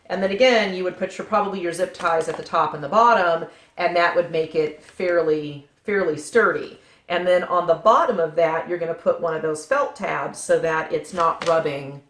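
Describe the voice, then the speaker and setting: A woman's voice: low-pitched, fairly bright tone. A woman chatting jokily to the camera as a vlogger, at home in her family room. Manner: chatty, jokey, talks to the camera and her cats. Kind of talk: casual chat. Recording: echoey room, faint noise.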